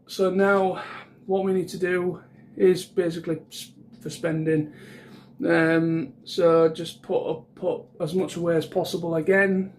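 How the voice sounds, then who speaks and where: A man's voice: fairly high pitch, slight background noise. A man chatting casually to camera in a vlog, rambling with lots of restarts and fillers. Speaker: vlogger.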